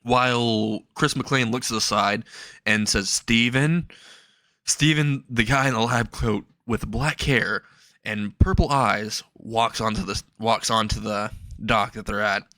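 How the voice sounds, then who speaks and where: A man's voice: fairly low pitch, steady tone, unhurried, sharp tone, no room sound. A young man casually narrating a fan story in a rambling way with laughing asides.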